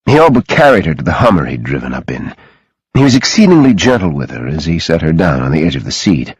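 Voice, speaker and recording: A man reading an audiobook in a dramatic, expressive way, close to the mic. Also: very deep voice, fast, breathy edge, no room sound, rough recording. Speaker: audiobook narrator. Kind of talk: scripted audiobook narration.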